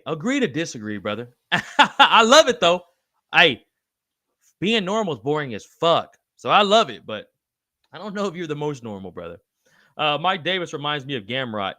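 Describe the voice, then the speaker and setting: Excitable man, bright dry close mic. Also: mid-range voice, no room sound. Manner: excitable, swears freely, calls everyone brother. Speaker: podcast host reading live chat. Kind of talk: casual live-stream chat.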